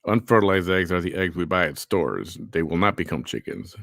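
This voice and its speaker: Easygoing male host with a lowish voice. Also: expressive, brisk, gravelly, fairly bright tone, no room sound, clean studio sound. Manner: reads chat comments aloud, easygoing. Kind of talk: casual live show chat.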